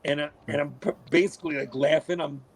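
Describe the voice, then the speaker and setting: A middle-aged man, a podcast guest, telling stories in a casual, animated way, cursing freely and acting out what people said. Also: a little high, fast, creaky, slightly rough, poor audio. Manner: animated, swears a lot, acts out quotes. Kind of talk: casual storytelling.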